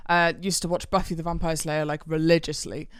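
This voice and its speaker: A woman's voice: deep voice, flat delivery, a little fast, clean tone, no echo, clean studio sound. A woman chatting as a podcast co-host, blunt and sweary, laughing easily. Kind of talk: casual chat.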